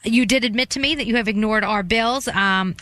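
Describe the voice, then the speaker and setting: Woman radio co-host, bright and dry, stalling clerk on a prank call. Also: fairly high pitch, fairly quick, no echo. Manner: polite stalling turning combative.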